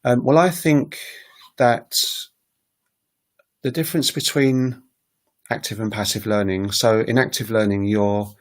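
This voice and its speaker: Casting: man, lowish voice, casual livestream host explaining languages, loose and halting, acts out example phrases. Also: steady tone. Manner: rambling, full of ums and self-corrections; demonstrates phrases aloud. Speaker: language learning streamer.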